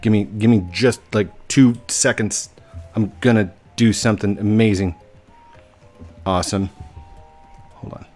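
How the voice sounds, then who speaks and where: A man with a fairly low voice narrates his gameplay in a loose, chatty way, full of ums and restarts. Faint background music runs underneath. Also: fairly even intonation, measured pace, long pauses, a little mellow. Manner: rambling, many fillers and restarts. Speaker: gaming video host. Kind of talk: casual gameplay commentary.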